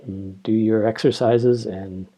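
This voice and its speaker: A man gives an English grammar lesson at an unhurried pace. His voice is mellow and a little husky. He explains each point and reads short example dialogues aloud. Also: on the low side, fairly even intonation. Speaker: English teacher.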